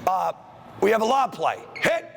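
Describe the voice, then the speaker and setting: A man coaching basketball players through plays in a school gym, calling out brisk commands. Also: high voice, very animated, vocal fry, fairly bright tone, slight background noise. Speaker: basketball coach leading a clinic. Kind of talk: on-court coaching drill instruction.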